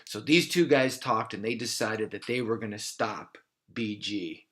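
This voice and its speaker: A man telling an improvised children's story in an animated, playful way, slowing down to stress words. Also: lowish voice. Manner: animated, playful, slows for emphasis.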